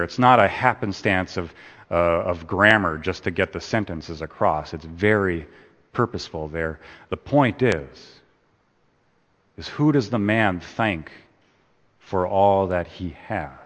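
Slow, deliberate low-voiced male preacher. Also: fairly bright tone, long reverb tail. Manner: deliberate, emphatic, stresses key words. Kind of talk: sermon.

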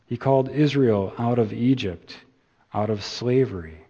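A man preaching a sermon, slow and deliberate, building emphasis and then easing off at the ends of phrases. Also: mid-range voice, warm tone, breathy edge. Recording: dull sound in a reverberant hall.

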